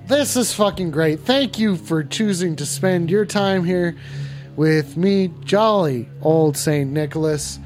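A man's voice: on the high side, slow pace, darkish tone, a little hiss or hum. A man playing a crude, stoned, foul-mouthed Santa Claus who rambles and swears as an improv host. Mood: jolly stoned. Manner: profane, rambling, defensive. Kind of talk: comedic improv livestream.

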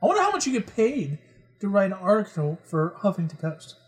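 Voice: medium pitch, big pitch swings, fairly quick. A podcast co-host chatting casually, making sarcastic jokes about news stories. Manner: sarcastic, joking, swears. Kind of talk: casual chat reacting to online posts.

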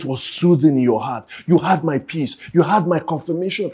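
A Nigerian man preaching in church with a fairly high voice that sits on the warm, mellow side. His tone is a little husky. He swings between soft, reflective passages and loud, pressing calls to his listeners. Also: normal speed, hardly any pauses. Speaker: pastor. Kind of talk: sermon.

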